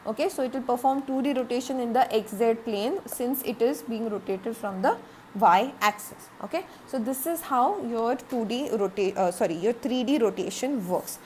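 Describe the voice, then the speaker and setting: A woman's voice: fairly high pitch, a little hiss or hum. A woman giving a recorded classroom lecture, explaining step by step, repeating points, with frequent "okay" and "uh".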